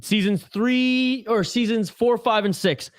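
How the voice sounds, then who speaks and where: A man with a rather high voice chats casually on a livestream, joking and reading out comments from his viewers. The sound is dry and close, with no room echo. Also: unhurried. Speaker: host of a hockey watch-along livestream.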